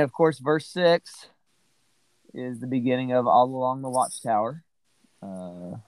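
A man's voice: mid-range voice, dry recording, rough recording. A man casually discussing a Bible passage as a podcast co-host, rambling with many "right?" and "you know" asides.

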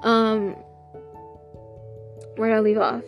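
A woman with a somewhat high voice hosts a casual devotional podcast and reads scripture aloud. She is effusive and excitable, and music plays clearly beneath her speech. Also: normal speed. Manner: excitable, effusive, sprinkled with hallelujahs.

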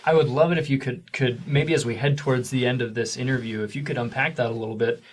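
A man interviewing a guest, asking long, measured questions. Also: medium pitch, fairly even intonation. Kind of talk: conversational interview.

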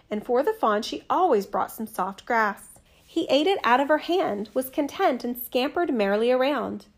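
Gentle woman reading a fairy tale. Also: on the high side. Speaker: storyteller.

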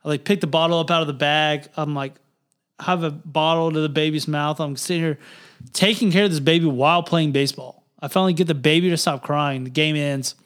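A man's voice: fairly quick, smooth. A young man, co-hosting a podcast and telling a story in casual, swearing chat. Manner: animated, swearing, jumps to high pitch for quoted voices. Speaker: podcast co-host.

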